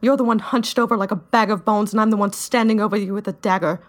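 A woman's voice: medium pitch, fairly even intonation. A woman player in a tabletop role-playing game, speaking her character's lines and actions with intensity. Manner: intense, fast in-character confrontation.

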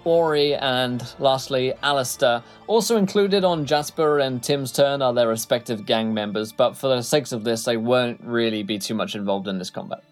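A man's voice: medium pitch, normal speed, few pauses, faint music behind. A man narrating a tabletop game as game master, rambling with many fillers.

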